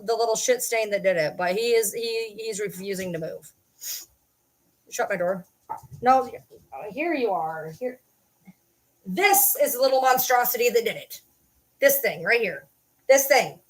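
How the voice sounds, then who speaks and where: A woman chatting casually on a livestream from her desk at home. She rambles, swears freely and pokes fun at herself while she talks to her viewers and her dog. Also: a little high. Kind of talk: casual live-stream chat.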